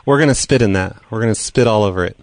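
An American man playing a rude pizza cook in a prank call, talking deadpan and brash. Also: lowish voice, quick pace, no echo, natural voice. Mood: mock earnest. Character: crude prank-calling male pizza cook.

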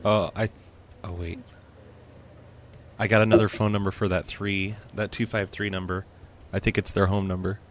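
Man, lowish voice, dry straight face, prank calling, faint background noise. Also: flat delivery, normal speed, pauses often. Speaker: prank caller. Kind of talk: casual prank call banter.

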